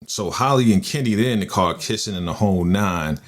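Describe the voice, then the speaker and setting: A deep-voiced man hosts a casual TV episode recap, recorded on a podcast microphone. He retells the show animatedly, quoting characters with quick voice shifts and laughing along the way.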